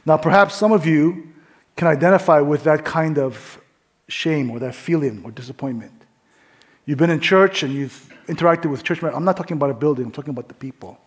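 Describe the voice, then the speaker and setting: Speaking fairly quickly in a slightly high voice, a male pastor delivers his sermon conversationally, with plenty of fillers, acting out the voices in a story he tells. His prayer falls to a soft hush.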